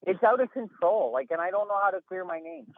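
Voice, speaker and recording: A man's voice: sits high, lively intonation, fast, dry recording. Man on a tinny phone line. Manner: emphatic, rambling, exasperated. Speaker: interview guest. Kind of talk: casual phone interview. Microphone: phone call.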